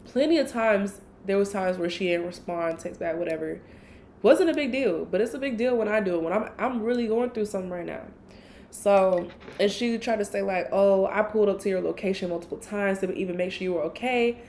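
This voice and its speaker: A woman hosting a solo podcast, telling a personal story in a blunt, profane, animated way. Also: medium pitch, fairly quick, slight background noise. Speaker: podcast host.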